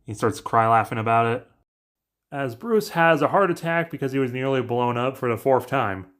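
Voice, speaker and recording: A man narrates a casual story recap, pitching ideas to viewers in a brisk, offhand way. His mid-range voice is animated and fairly bright.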